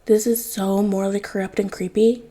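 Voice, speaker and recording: A woman's voice: mid-range voice, flat delivery, normal speed, warm tone, lightly acted. A woman voicing a grumbling teenage girl with a grudging, sarcastic way of talking.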